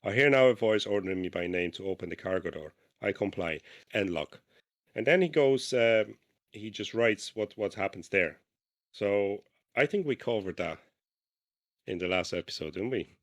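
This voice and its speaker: A man co-hosting a casual podcast, reading an old diary aloud haltingly with restarts and stopping to comment. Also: lowish voice, expressive. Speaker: podcast co-host.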